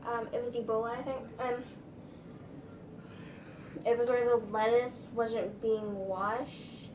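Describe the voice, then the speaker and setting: A woman's voice: on the high side, flat delivery, takes it slowly, roomy sound, recorded from a distance, muffled recording, background noise. A woman vlogger telling a casual storytime, rambling, with lots of "like" and "um". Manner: chatty, rambling, full of "like" and "um".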